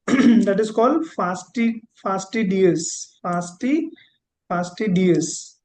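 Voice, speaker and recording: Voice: mid-range voice, a little mellow, a little hiss or hum, low-quality recording. A teacher giving a vocabulary lesson, repeating each word and drawing out key terms. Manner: repeats words, spells them out and drags out key terms. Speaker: English teacher.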